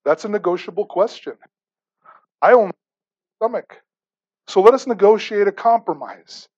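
A man voicing a sly talking bear in a soft, soothing voice, read from a story in a sermon. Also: sits high, lively intonation, moderate pace, dull audio, voice pushed up.

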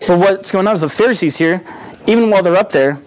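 A man's voice: high voice, fast. Earnest young man preaching. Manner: earnest, conversational teaching with acted-out quotes. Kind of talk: sermon.

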